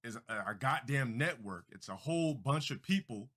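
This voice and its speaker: Man, livestream monologue, grandiose, self-important, bright tone, swooping pitch. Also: lively intonation, moderate pace.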